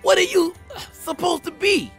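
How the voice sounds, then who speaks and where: A man's voice: very high-pitched, steady tone, measured pace, a bit bright, soft background music. A man voicing a crude, laid-back cartoon character who cusses in slang. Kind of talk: comedic cartoon voice acting.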